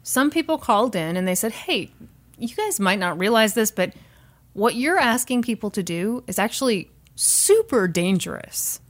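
A woman's voice: mid-range voice, very animated, normal speed. A woman co-hosting a podcast, telling a story in casual chat and acting out quotes in exaggerated voices. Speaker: podcast co-host.

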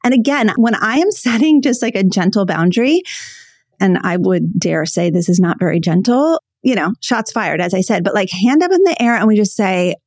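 A woman's voice: medium pitch, animated, normal speed, a little mellow, dry recording, clean studio sound. A woman hosting a solo podcast as a coach, talking to listeners in an earnest, emphatic way and repeating her key phrases. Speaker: podcast host and ADHD coach.

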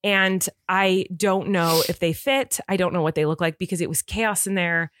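A woman in her thirties, a podcast co-host telling a story in casual chat, animated and laughing often. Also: fairly low pitch, normal speed, dry recording, studio quality.

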